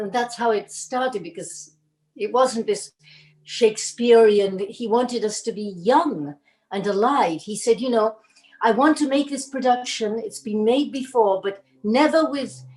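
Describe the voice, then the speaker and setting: An older woman, an actress, recounting her early career in a rambling, animated way, acting out the lines she quotes. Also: medium pitch, rough recording. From Argentina. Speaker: actress telling career stories. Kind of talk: casual storytelling.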